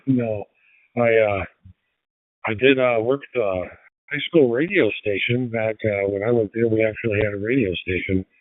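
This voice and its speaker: A man's voice: on the low side, a little slow, no room sound. A man in his sixties chatting in a laid-back, dry-humored way on a ham radio net. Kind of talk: casual radio chat. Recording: tinny radio transmission.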